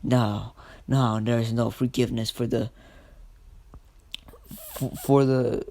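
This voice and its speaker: A man voicing a vengeful young male ninja, speaking in low, seething threats in a gravelly voice. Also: level tone, slow pace, a little mellow, dry recording. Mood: bitter, menacing.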